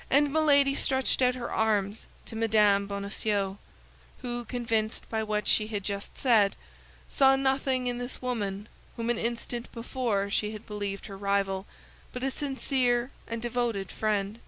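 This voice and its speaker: A woman reading a classic novel aloud as an audiobook narrator, in a clear and measured way. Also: on the high side, a bit bright, poor audio. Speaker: audiobook reader. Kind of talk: scripted narration.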